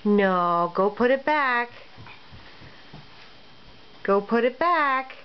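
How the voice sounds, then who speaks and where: A woman's voice: on the high side, lively intonation, very slow, clear, resonant tone. Sing-song woman coaxing a toddler. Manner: gentle sing-song coaxing, repeating short phrases. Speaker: mother. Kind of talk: casual home video, talking to a toddler. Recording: dull lo-fi home recording, faint room noise.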